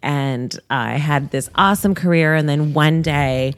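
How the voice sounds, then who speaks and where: A woman's voice: sits low, measured pace, no echo. A middle-aged woman from Canada chatting as a podcast guest, bubbly and laughing often. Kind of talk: casual chat.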